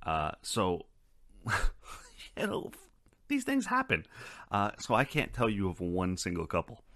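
A low-pitched man hosts a casual podcast, his voice swinging through a lively, animated range. He swears freely and drifts into rambling asides. The sound is dry and close. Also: takes it slowly, dry recording. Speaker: podcast host.

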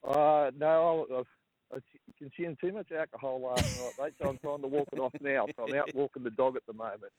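An Australian man calling a radio show, emotional and halting, repeating himself as he speaks. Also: mid-range voice, fairly even intonation, a little mellow, no echo. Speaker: caller. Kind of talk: phone-in chat. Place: outdoors walking a dog. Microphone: phone. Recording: tinny phone line.

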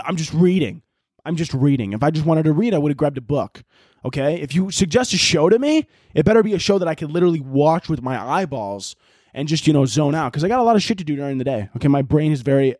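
A male podcast host ranting in a loose, comedic way, full of profanity and rambling restarts. His voice sits a bit high for a man. He is recorded close on a mic in a dry space with no room sound. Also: a little mellow, no echo. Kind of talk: casual comedic rant.

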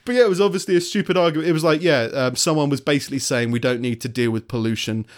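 A man from London chatting casually as a podcast co-host, joking and telling stories with an animated delivery. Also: on the high side, very fast. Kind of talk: casual chat.

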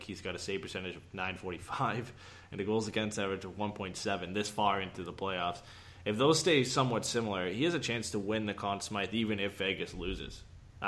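A man co-hosting a casual sports talk show, talking excitedly and restarting his sentences often. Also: deep voice. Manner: rapid, excitable, stumbling restarts. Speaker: podcast co-host.

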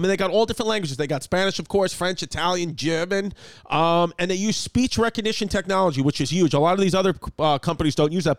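A young man hosting a podcast, loud and jokey, rambling into crude humor and host-read ads. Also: high-pitched, dry recording.

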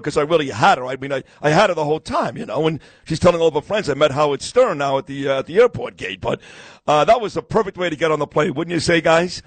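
A brash, boastful man, hosting a live talk radio show and telling stories in casual chat. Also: on the high side.

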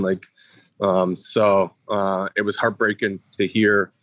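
A lower-voiced man recalling a lost teammate. He speaks haltingly, full of pauses and fillers, and his voice is dry and close. The tone is heartfelt. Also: flat delivery, a bit bright, no echo. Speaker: former teammate. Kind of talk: personal remembrance.

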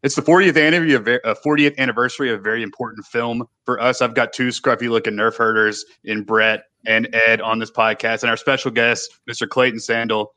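A man's voice: medium pitch, fairly even intonation, brisk, few pauses, sharp tone, no echo. A man hosting a podcast, making upbeat and eager introductions in casual chat. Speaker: podcast host.

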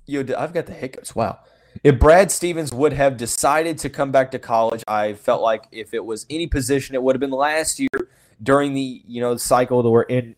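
Rambling man talking college basketball. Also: medium pitch. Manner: rambling, heavy "you know" fillers, frank opinions. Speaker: sports podcast host. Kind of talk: casual solo sports commentary.

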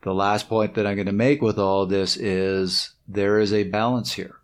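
A man co-hosting a podcast, explaining his points in a steady, summarizing way. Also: lowish voice, normal speed. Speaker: podcast co-host. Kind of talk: casual podcast chat.

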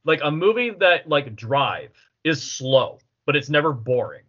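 A man's voice: on the high side, very animated, measured pace, a bit bright. A man giving his opinions in a casual movie discussion, explaining his point with lots of "like". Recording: dull lo-fi sound.

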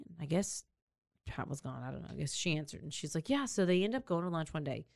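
A woman's voice: low-pitched, quick pace, gravelly, dry recording, clean studio sound. A woman co-hosting a podcast, telling a true-crime story casually and acting out the people in it. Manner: animated, acts out characters with big swings in voice. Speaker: podcast co-host.

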